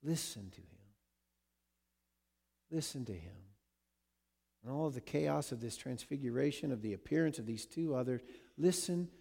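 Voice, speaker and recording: A man preaching a sermon who swings between loud emphasis and hushed, repeated words. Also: fairly high pitch, creaky. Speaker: pastor.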